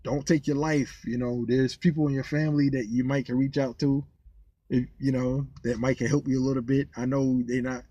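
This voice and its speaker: A man with a medium-pitched, fairly quick voice speaks on a recording with no echo and the high frequencies cut off. He's a vlogger and ex-rideshare driver who rambles casually to camera, venting and storytelling with plenty of repeated words. His manner is lively, becoming incredulous with the funny stories.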